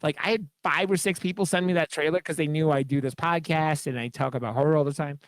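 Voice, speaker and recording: A man's voice: a little high, steady tone, fast talker, no echo, studio quality. A man co-hosting a horror podcast, chatting casually in a rambling, profane, enthusiastic way. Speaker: podcast co-host.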